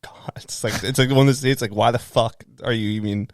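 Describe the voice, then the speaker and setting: A man's voice: medium pitch, steady tone, a little fast, no room sound, studio quality. A young man co-hosting a podcast in casual chat, loose and laughing, with lots of fillers and swearing. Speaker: podcast co-host.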